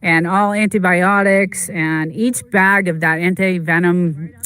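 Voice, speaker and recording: A livestream host in casual chat who tells rambling, halting stories full of fillers and answers chat comments. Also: medium pitch, fairly even intonation, sharp tone, clear, resonant tone. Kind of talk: casual chat while streaming a game.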